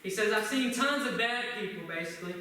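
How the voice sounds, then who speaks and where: A high, bright-voiced man preaches to a congregation, asking question after question. He is recorded from a distance in a very echoey church sanctuary, with a faint hiss behind him. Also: animated, quick pace. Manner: asks the congregation many questions. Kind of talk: sermon.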